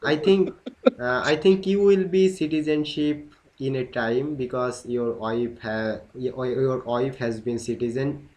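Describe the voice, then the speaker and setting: A man's voice: medium pitch, unhurried, a little mellow, low-quality recording. A man from Bangladesh, talking hesitantly on a video call as a learner, often repeating words and restarting. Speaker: English-learner participant. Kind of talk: casual conversation on a video call.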